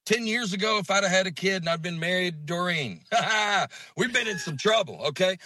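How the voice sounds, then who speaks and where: Comedian guest, Southern man, thirties, animated storyteller, crisp dry sound. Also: high voice, moderate pace, no room sound. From Alabama, US. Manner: animated, acts out quotes. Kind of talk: casual interview chat.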